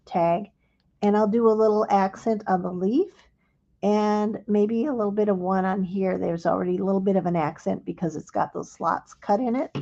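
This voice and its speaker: Gravelly, mellow woman teaching crafts. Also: medium pitch, highs cut off. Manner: gentle, unhurried step-by-step explaining. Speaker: craft instructor. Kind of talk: live crafting demonstration.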